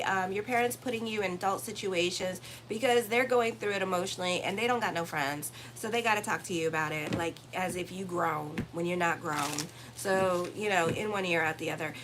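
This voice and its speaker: A woman's voice: medium pitch, fairly bright tone, a little hiss or hum, low-quality recording. A woman astrologer giving a casual weekly horoscope reading, blunt and profane, teasing her listeners. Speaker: astrologer and tarot reader.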